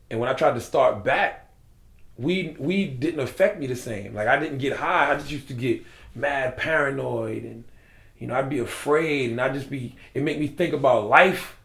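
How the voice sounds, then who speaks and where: A man's voice: mid-range voice, roomy sound. A man from South Carolina with a South Carolina accent, telling a story in casual, slangy interview talk. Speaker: guest.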